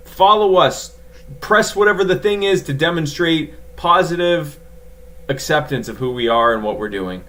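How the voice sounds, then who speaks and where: A man co-hosting a casual podcast, talking fast, tripping over his own sentences and laughing at them. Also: on the high side, sing-song, fairly bright tone. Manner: rapid, self-correcting, laughs at own flubs. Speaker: podcast co-host.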